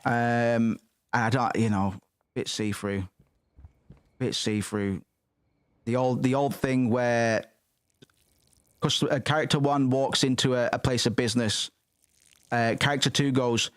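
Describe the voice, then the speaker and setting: A man's voice: medium pitch, a little slow, pauses often, no room sound, studio quality. A young man swearing and rambling through casual commentary while playing a game. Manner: sweary, rambling, muttering asides. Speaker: gaming streamer.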